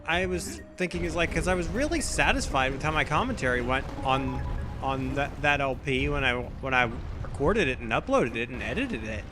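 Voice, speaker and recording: A man's voice: mid-range voice, expressive, normal speed. A young man giving casual, rambling let's play commentary, often correcting himself as he thinks aloud. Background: game music.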